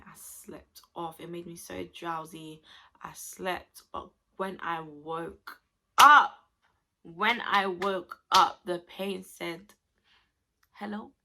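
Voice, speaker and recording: Gravelly, bright-voiced young woman. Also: on the low side. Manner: chatty, expressive, addresses viewers directly. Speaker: vlogger. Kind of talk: casual storytelling to camera.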